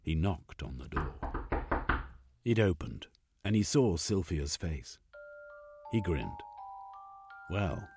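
Brief: deep, husky male storyteller, lively delivery, dry close sound, faint music behind. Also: takes it slowly, pauses often. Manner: expressive, varied. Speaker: narrator. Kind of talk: audiobook narration.

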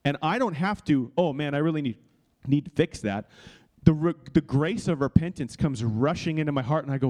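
A man's voice: a little high, expressive, brisk, darkish tone. A man pastor teaching in a sermon style, earnest and confessional, often restarting phrases and checking in with listeners.

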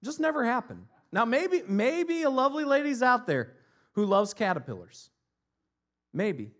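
A man from Ohio preaching a sermon, mixing jokey, animated asides with earnest, quieter scripture reflection. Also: very high voice, a little slow. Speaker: pastor.

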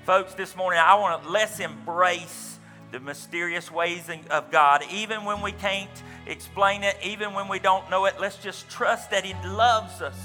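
A man's voice: high voice, fairly even intonation, moderate pace, pushed and bright, long reverb tail, faint music behind. A man preaching a sermon as pastor, telling a story with quoted dialogue and folksy asides. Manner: storytelling, retelling another man's account with quoted dialogue.

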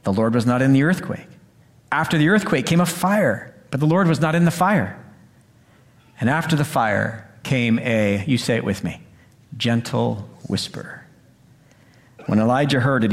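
A middle-aged man preaching a sermon in a church, acting out the quoted voices and swinging between loud lines and hushed ones. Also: mid-range voice. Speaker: pastor. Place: church sanctuary.

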